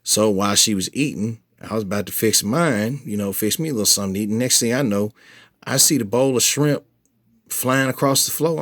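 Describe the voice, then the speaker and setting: A vlogger updates his followers with a casual personal story packed with profanity, restarts and filler phrases, his voice jumping when he replays his own angry replies. His medium-pitched voice runs a little fast, with clean studio sound and no room sound.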